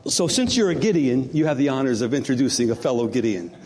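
Chatty pastor in a reverberant church. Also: male voice, medium pitch, animated, brisk, a little mellow, a little hiss or hum. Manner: chatty, joking with congregation. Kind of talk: church announcements. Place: church sanctuary. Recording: long hall reverb.

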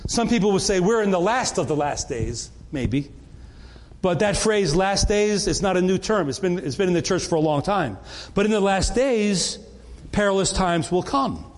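A man's voice: high voice, expressive, moderate pace. A middle-aged man, preaching a sermon to his congregation in an earnest, conversational way with frequent restarts. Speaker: pastor.

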